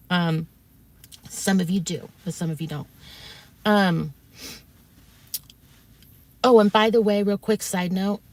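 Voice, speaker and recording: A woman's voice: lowish voice, darkish tone. A woman streamer, telling her viewers a long story in a casual, rambling way with many fillers and restarts, swearing when she gets heated. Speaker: streamer recounting events.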